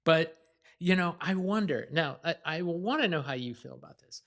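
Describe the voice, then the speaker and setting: A middle-aged man co-hosting a podcast, talking in a fairly high voice. He chats conversationally and works his thoughts out aloud, with frequent restarts. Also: lively intonation, normal speed, creaky, fairly bright tone. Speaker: podcast co-host. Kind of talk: casual chat.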